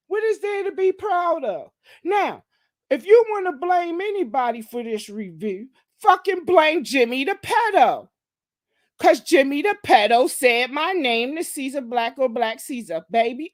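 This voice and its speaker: High-voiced woman ranting with profanity. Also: a little mellow, no room sound. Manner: profane, mocking, confrontational, repeats "okay?". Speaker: gossip commentary host. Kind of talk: ranting commentary monologue.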